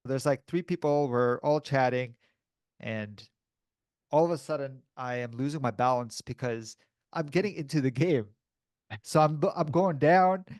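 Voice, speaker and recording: A man tells a story on a podcast, mid-pitched and lively, laughing as he goes and slipping into other people's voices. He is close to the mic in a dry room with no echo. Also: unhurried. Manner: animated, laughs often, acts out voices in his stories. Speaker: podcast co-host. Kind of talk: casual storytelling chat.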